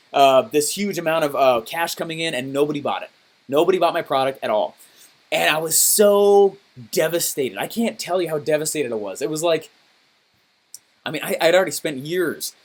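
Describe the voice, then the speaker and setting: Male business coach, coaching call, animated storyteller who checks in often with the listener. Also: a little high. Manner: animated, acts out his own past reactions; checks in often with "okay?" and "right?".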